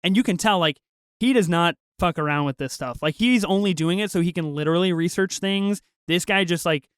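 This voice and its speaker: Clear-voiced man, high and dry. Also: a bit bright, dry recording. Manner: enthusiastic, laughs often, frequent fillers. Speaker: podcast co-host. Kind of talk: casual film review chat.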